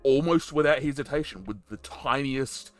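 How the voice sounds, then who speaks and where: A man's voice: medium pitch, moderate pace, smooth, soft background music. A man in casual chat, enthusiastically recounting his roleplay moments and swearing freely. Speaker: roleplayer interviewee.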